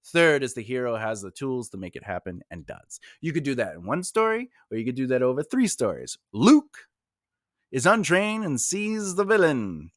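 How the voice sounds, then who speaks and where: A man's voice: mid-range voice, sing-song, normal speed, no room sound, studio quality. A man teaching writing in a loose, rambling style, talking casually with fillers and restarts. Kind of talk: casual instructional talk.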